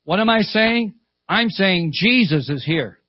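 An older male preacher delivers a sermon at a church service, spinning stories and repeating lines for emphasis. His voice sits high for a man. The recording is dull and close, with little room sound. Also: lively intonation, unhurried, dry recording. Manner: fervent storytelling preacher, repeats phrases, calls "Amen".

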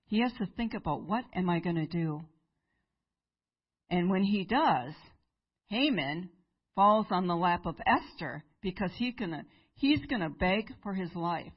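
A woman preacher telling a Bible story in a sermon, animated and acting out the characters. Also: on the low side, breathy edge, highs cut off.

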